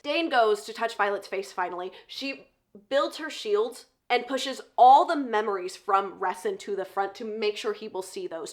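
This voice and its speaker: A woman recaps a novel's plot in a casual, animated way, dropping joking asides as she goes. Her voice sits a little higher than most. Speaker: book reviewer. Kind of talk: casual book plot summary.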